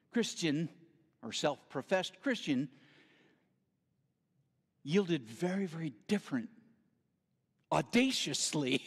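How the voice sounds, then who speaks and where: A man's voice: medium pitch, in a large hall. A middle-aged man giving a storytelling sermon as a guest speaker, acting out the voices in his stories.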